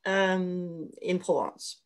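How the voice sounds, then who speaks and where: A woman's voice: on the low side, steady tone, extremely slow, clear, resonant tone. A woman from Denmark interviewing a guest, asking curious, encouraging questions. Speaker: interviewer, book club moderator. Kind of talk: casual video interview.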